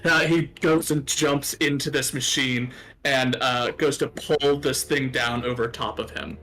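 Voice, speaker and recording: A man running a tabletop game as game master. He describes the scene in a loose, rambling way and fills his pauses with many ums and uhs. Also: mid-range voice, steady tone, a bit bright, soft background music. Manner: rambling narration with many fillers.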